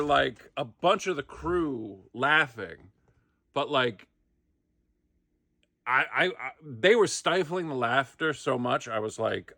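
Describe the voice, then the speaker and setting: Man, middle-aged, casual storytelling, comic acted-out quotes, bright tone, dry mic. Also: mid-range voice, lively intonation, slow, no echo. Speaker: actor telling a behind-the-scenes story. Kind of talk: casual anecdote.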